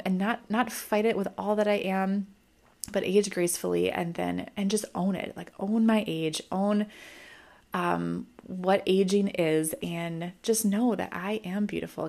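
A young woman talks to camera about a film she has seen, in a casual and reflective way, often pausing on "um" and "like" as she gathers her thoughts. Her voice sits a little low, with a gravelly fry running through it. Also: a little mellow. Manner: thoughtful, musing, many ums and likes. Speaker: mom vlogger reviewing a film.

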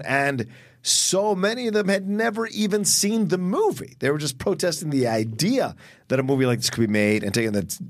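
A man co-hosting a casual film discussion podcast, enthusiastic and talking in quick bursts with restarts. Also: medium pitch, no echo, clean studio sound. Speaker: podcast co-host.

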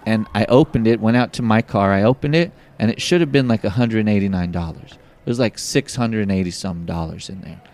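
A man telling a personal story in an interview, animated and acting out the voices of the people in it. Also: lowish voice, fairly quick, hardly any pauses. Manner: animated, acts out quoted voices. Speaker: guest.

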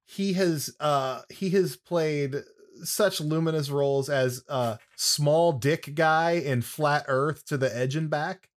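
A man's voice: on the high side, takes it slowly. A man co-hosting a wrestling podcast in casual chat, joking and rambling with plenty of asides. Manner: chatty and jokey, with many fillers and asides.

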